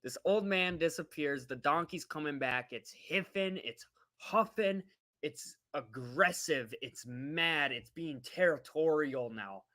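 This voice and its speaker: A woman vlogger telling a travel story in a casual livestream, animated and laughing as she talks to her viewers. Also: sits low, takes it slowly.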